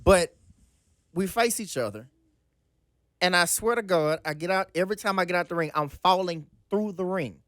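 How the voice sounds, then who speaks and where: A man guest telling a story in casual chat, excitable and quick to exclaim. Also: high voice, no room sound, clean studio sound. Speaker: guest wrestler.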